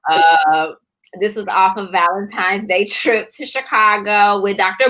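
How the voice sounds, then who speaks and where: A woman co-hosting a casual chat, telling a personal story in a lively way, full of fillers and acted-out voices. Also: medium pitch, measured pace, low-quality recording. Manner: animated, acts out voices, many fillers. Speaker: co-author and co-host.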